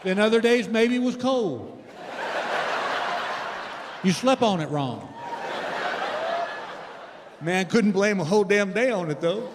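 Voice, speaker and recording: A man's voice: sits high, expressive, takes it slowly, long pauses, noisy background. A middle-aged man doing stand-up comedy, telling folksy stories and acting out both sides of arguments, live in a theater. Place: theater stage with audience. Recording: live theater with hall reverb.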